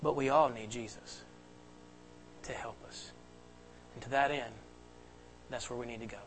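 A man's voice: medium pitch, fairly even intonation, unhurried, a bit bright, soft background music, poor audio. A pastor giving an earnest, emphatic sermon to his congregation in a church. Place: church sanctuary.

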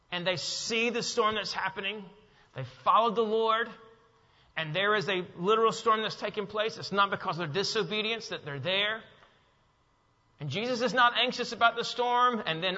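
Preaching man in an echoing hall. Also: high voice. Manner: preaching with rising, emphatic bursts and soft drops. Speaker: pastor. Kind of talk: sermon. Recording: dull sound with long hall reverb.

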